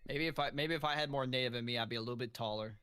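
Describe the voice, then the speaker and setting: A man's voice: medium pitch, racing, sharp tone, a little hiss or hum. A man on a casual podcast chat, swearing freely and joking around. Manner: profane, joking banter. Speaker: podcast co-host.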